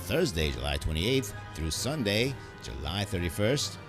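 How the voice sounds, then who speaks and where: A man voicing an old-time male newsreel announcer, reading in a slow, drawn-out, announcing manner. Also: low voice, very animated, over music, pitched above the performer's own voice, heavily acted.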